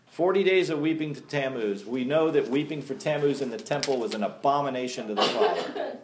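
A man's voice: on the high side, reverberant. A man teaching a sermon-style Bible study in a folksy, emphatic way, asking his group questions and laughing at his own jokes.

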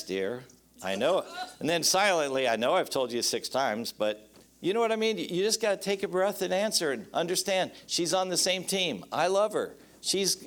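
Folksy higher-voiced male preacher. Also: a bit bright. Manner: folksy, joking, calls out for amens. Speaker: pastor. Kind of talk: sermon on marriage.

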